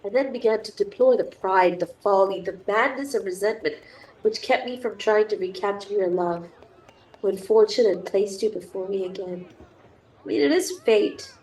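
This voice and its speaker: A woman's voice: medium pitch, normal speed, darkish tone, rough recording. A young woman with a cold, streaming a dating sim and reading its text aloud with chatty, gushing asides. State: has a cold. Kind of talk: reading game text aloud with casual commentary.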